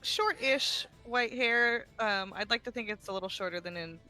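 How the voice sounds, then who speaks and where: A woman's voice: fairly high pitch, moderate pace, pushed and bright, soft background music, rough recording. A young woman playing a tabletop game, chatty and giggly as she describes her character. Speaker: player. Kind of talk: casual game chat.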